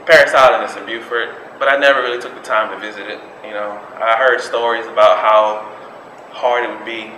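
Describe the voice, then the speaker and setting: A man, giving a personal storytelling speech in an animated way. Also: on the low side. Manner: animated storytelling, acts out quotes. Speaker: public speaking club member. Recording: echoey room with background noise.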